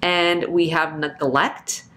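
A woman who teaches nursing, explaining topics in a clear, steady way with casual fillers like "um" and "you know.". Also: deep voice, slow. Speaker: nursing educator. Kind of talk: instructional lecture.

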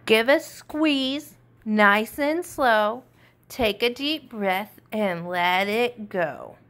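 A woman voicing a gentle, calm father tiger who speaks slowly and soothingly. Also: mid-range voice. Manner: slow and soothing.

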